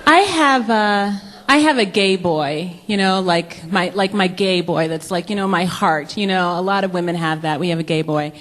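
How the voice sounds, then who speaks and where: A woman performing a stand-up comedy set, telling animated stories and jumping up high whenever she quotes people. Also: normal speed, few pauses. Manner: animated storytelling, jumps high for quoted voices. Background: audience laughter.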